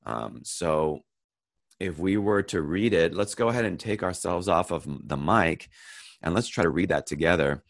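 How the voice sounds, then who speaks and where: A man leading a Bible lesson over a video call, praying first and then explaining a verse in a relaxed way with many pauses and restarts. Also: sits low, gravelly, no echo. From United States. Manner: unhurried, thinking aloud with fillers and restarts. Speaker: Bible study teacher. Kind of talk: casual Bible lesson with opening prayer. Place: online video call, sharing a screen.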